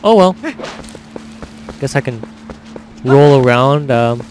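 A man's voice: medium pitch, slow pace, darkish tone, poor audio. A young man hosting a let's-play, chatting upbeat to his viewers. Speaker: gaming channel host. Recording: game music behind.

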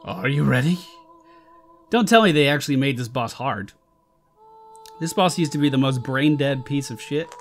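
A man's voice: medium pitch, expressive, moderate pace, soft background music. A man giving casual gameplay commentary on a let's play, swearing and exasperated, talking back at the game.

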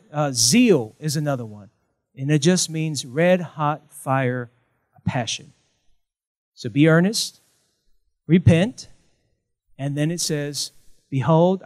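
A middle-aged man preaching a sermon as pastor, animated, with chants and call-and-response to the congregation. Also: medium pitch.

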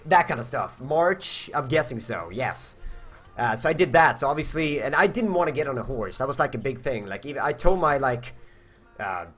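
A man's voice: medium pitch, expressive, normal speed, fairly bright tone, soft background music. A young man from Sweden chatting casually on a live stream, answering viewer questions in a rambling way, searching for words and swearing.

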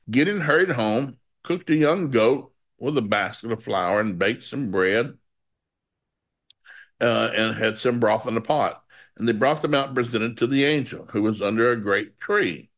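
A man's voice: mid-range voice, fairly bright tone. A man preaching through a Bible passage, reading it aloud and breaking off into folksy asides.

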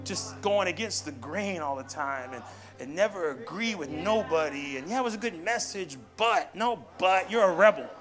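Man preaching, high voice, punchy call-and-response, church sermon with music underneath. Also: lively intonation, normal speed. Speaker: pastor. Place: church sanctuary. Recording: music behind.

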